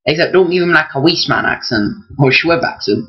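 A man's voice: on the high side, animated, fairly quick, breathy edge. A young man pushing his friend to do a funny voice, talking casually with lots of "like". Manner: pushy, egging on, lots of "like". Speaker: friend in the room. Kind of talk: casual chat. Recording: dull lo-fi sound.

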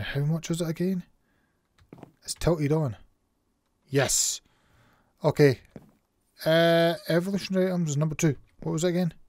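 A man's voice: a little high, darkish tone. A man with a Scottish accent hosting his gaming channel, chatting casually and playfully while he plays, making little sound effects. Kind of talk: casual game commentary.

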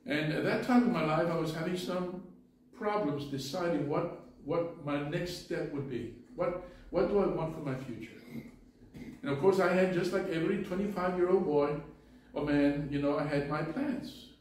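A man's voice: a little high, moderate pace, a little mellow. A male pastor preaching a sermon in an earnest way, often restarting his words. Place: church sanctuary. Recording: echoey church from far off.

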